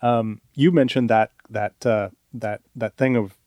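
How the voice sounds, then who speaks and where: Wry, low-voiced podcast co-host. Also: male voice, steady tone, a little mellow, no echo. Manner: wry, halting with fillers and restarts. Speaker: podcast co-host, beer writer. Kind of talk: casual chat. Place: radio studio. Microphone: studio mic.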